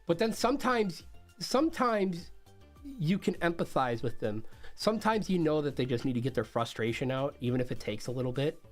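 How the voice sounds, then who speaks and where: Male streamer, slightly high voice, animated and profane storyteller, faint music behind. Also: moderate pace. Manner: animated, swears freely, laughs often. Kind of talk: casual storytelling to a stream chat.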